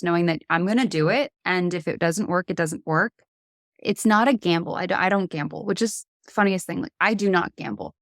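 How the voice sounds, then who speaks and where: A woman who is a guest on a podcast, telling work stories in an animated, casual way and acting out the other people's lines. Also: lowish voice, fairly quick, no room sound, studio quality. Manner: animated storyteller, acts out dialogue. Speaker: podcast guest, agency founder. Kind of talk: casual conversational interview.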